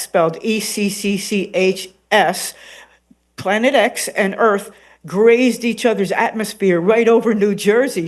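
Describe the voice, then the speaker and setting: Animated woman rambling with many fillers. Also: mid-range voice. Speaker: radio host and podcaster, guest. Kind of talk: casual interview chat.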